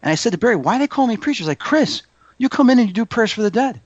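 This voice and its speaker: Animated man telling stories, muffled audio. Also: rapid-fire, no echo. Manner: animated storyteller, acts out quotes in a higher voice. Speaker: psychic medium guest. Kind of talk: casual interview chat.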